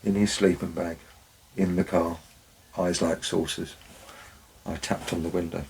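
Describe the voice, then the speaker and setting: A man's voice: low voice, little pitch movement, a little slow, gravelly, a little mellow, a little hiss or hum, poor audio. A man, a former forest warden, tells wry anecdotes in a dry, storytelling way. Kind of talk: storytelling narration.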